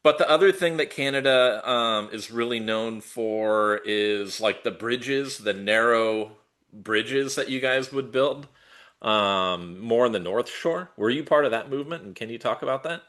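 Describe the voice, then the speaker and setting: A man at an everyday pitch hosts a podcast over a video call. He asks questions in a relaxed, slangy way, like a keen old-school bike fan. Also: a little slow. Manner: enthusiastic bike nerd, laid-back slang. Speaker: podcast host. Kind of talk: casual interview chat.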